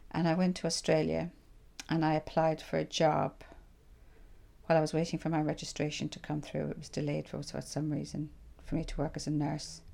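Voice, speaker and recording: A woman's voice: sits low, vocal fry. An Irish woman in her sixties, telling stories from her own life in an interview and acting out her past thoughts as she goes. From Ireland. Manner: animated storyteller who acts out her own past thoughts. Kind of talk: reflective personal storytelling.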